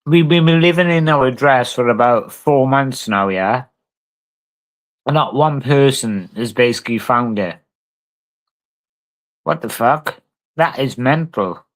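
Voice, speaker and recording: A man's voice: medium pitch, measured pace, pauses often. A man, talking casually and swearing a lot as he answers a live stream chat. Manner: brash, sweary, talks back to chat. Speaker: livestreamer.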